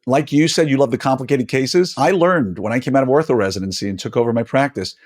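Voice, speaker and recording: A man's voice: medium pitch, fast talker, a little mellow. A middle-aged man hosting a casual interview podcast as an orthodontist, talking emphatically with frequent fillers and restarts.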